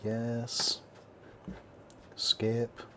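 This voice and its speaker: A man from England talks loosely through a tech unboxing. He rambles, cracks small jokes and breaks off to talk to his pets and his viewers. His voice sits at an ordinary middle pitch for a man. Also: monotone, extremely slow, sharp tone, slight background noise. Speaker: tech video host. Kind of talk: casual unboxing chat.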